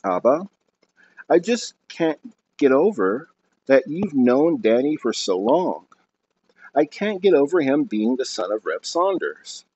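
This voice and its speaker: A man's voice: medium pitch, sing-song, unhurried, a little mellow, a little hiss or hum. A man reading aloud, voicing an eager, respectful teenage boy talking to his father. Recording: dull lo-fi recording.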